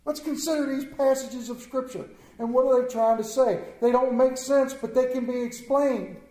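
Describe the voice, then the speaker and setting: A man with a fairly high yet mellow voice preaches a sermon, emphatic and folksy, leaning on rhetorical questions and repeated phrases. His voice rings through an echoey church room. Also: fairly even intonation, normal speed. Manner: folksy, plain-spoken asides.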